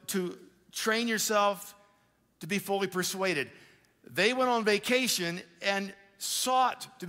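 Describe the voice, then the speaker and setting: Bright-voiced pastor in an echoing church. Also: male voice, high-pitched. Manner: conversational, animated preaching with quick asides to the congregation. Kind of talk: sermon. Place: church auditorium. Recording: live church hall with long reverb.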